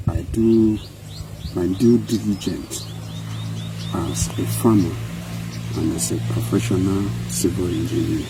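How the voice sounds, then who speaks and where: A Nigerian man in middle age talks in a very low voice, earnest and emphatic, repeating phrases like a speech. He is outdoors on a farm, and clear vehicle noise runs behind him. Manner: earnest, emphatic, repetitive oratory. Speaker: company CEO and farmer. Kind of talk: on-site interview monologue.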